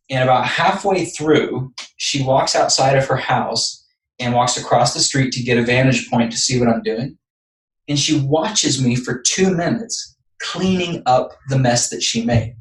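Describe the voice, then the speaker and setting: Podcast guest, earnest man from texas, mid-pitch voice, sits back from the mic. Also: recorded from a distance. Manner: earnest, building up anecdotes step by step. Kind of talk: personal storytelling. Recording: echoey room, voice off-mic.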